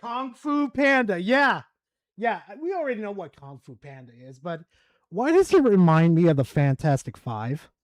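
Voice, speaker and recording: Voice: medium pitch, very animated, moderate pace, dry recording. A streamer rambling and swearing in frustration while commentating a game. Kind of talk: gaming commentary while playing.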